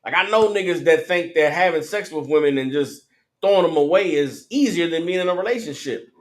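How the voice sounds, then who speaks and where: A man's voice: a little high, animated, a little fast. A man giving an emphatic, blunt street sermon full of slang. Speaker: religious teacher.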